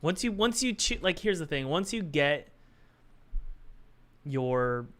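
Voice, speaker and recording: A man's voice: a little high, sing-song, takes it slowly, a bit bright. A young man chatting casually on a live stream, joking and thinking aloud while he works on his game.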